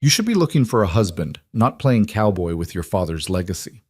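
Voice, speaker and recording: A man's voice: low voice, sing-song, brisk, darkish tone, slightly rough, no echo, clean studio sound, heavily acted. A man playing a sneering society matron. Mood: scornful. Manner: sneering false sympathy. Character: haughty older society woman, scornful.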